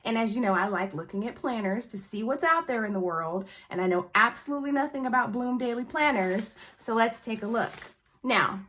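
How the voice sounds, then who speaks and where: A bubbly woman talks through an unboxing in a relaxed, chatty way. Her voice sits a little higher than most and jumps up when something excites her. She drifts from the mic now and then as she handles things. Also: a little fast. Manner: bubbly and excitable, gushes over small surprises. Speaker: planner vlogger. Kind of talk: casual unboxing chat.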